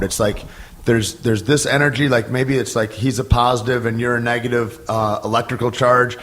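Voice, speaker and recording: A man hosting a podcast, talking in a reflective, rambling way with lots of halting restarts. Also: medium pitch, fairly even intonation, a bit bright, slight background noise. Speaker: podcast host. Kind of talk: casual conversation.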